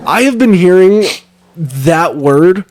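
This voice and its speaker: A man's voice: high-pitched, animated, slow, darkish tone. A man who is a father and podcast co-host, chatting casually, joking and laughing often. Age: adult parent. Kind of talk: casual chat.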